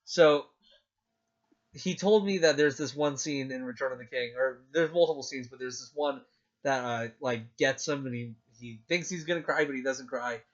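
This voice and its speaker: A young man rambles excitedly through a casual podcast chat, with plenty of fillers along the way. His voice sits at an ordinary middle pitch. The recording sounds dull and lo-fi. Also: moderate pace. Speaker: podcast co-host.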